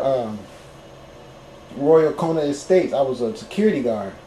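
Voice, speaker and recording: A man telling his own story to viewers in a casual, animated way, swearing freely and getting loud when excited. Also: medium pitch, a little hiss or hum. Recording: roomy echo, faint background ambience.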